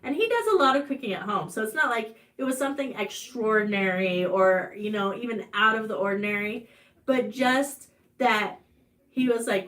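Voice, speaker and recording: A woman hosting a farm channel live stream speaks with an Ozark American accent at normal speed, her tone a bit bright. She tells a personal story in a chatty manner, with fillers and restarts, and her voice rises high on the emotional parts.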